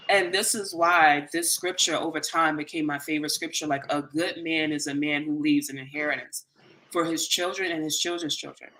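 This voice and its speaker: A mid-range voice, with slight background noise, belongs to a host sharing a long personal tale. The delivery is earnest and animated, conversational, with others' words quoted as acted-out dialogue.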